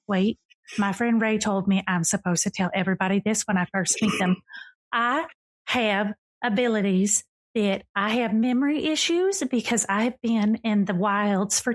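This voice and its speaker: A woman's voice: on the high side, pitched above the performer's own voice, lightly acted. A woman voicing a tall, whimsical fey lady who gushes, apologizes and rambles off track. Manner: gushing, apologetic, rambling and distracted.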